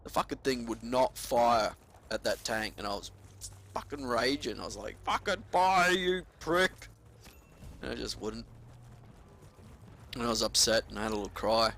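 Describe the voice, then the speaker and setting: A man's voice: lowish voice, fairly even intonation, normal speed, creaky, pauses often, a bit bright, a little hiss or hum. A young man casually commentating over his gameplay at home, laid-back with frequent swearing and ranty asides.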